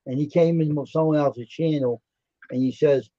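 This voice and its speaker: A man's voice: mid-range voice, fairly quick, no room sound. A man hosting a livestream, joking around and telling blunt stories in casual chat. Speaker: livestream host. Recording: dull dry lo-fi stream audio.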